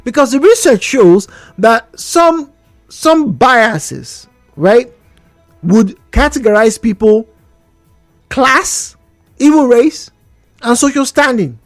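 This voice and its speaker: A Nigerian man hosts a call-in radio talk show, his voice rising and falling in a lively, expressive way. He chats with the audience and keeps asking rhetorical questions. The studio microphone gives a dry, close sound. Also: extremely high pitch, slow, pauses often, no room sound, faint music behind. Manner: chatty, rhetorical questions, laughs between points. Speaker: radio host.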